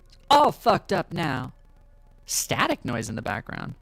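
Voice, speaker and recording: Brief: a man reacting on a live stream, swearing at audio trouble, animated, pitch-shifted sound. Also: measured pace, vocal fry, dry recording, rough recording. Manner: loud, profane, exasperated asides to chat. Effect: glitchy pitch-shifted stream audio.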